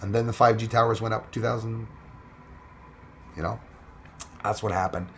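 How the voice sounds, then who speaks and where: A man's voice: fairly low pitch, fairly even intonation, moderate pace. A man hosting a casual livestream, rambling and greeting viewers as he reads their comments aloud. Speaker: livestream host.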